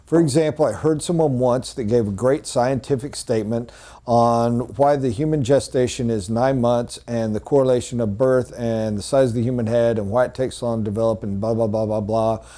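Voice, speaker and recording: Mellow-voiced male sales trainer. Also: mid-range voice. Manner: storytelling, drops to hushed dramatic emphasis.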